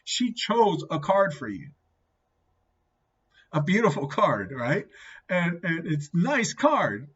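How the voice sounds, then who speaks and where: Brief: man putting on a pushy, cheerful cellmate pal, pitched up, husky, on a dull lo-fi recording. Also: very animated, slow pace, fairly bright tone, distant mic, exaggerated voice. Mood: urging. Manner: insistent, upbeat urging. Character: encouraging male friend in prison, upbeat.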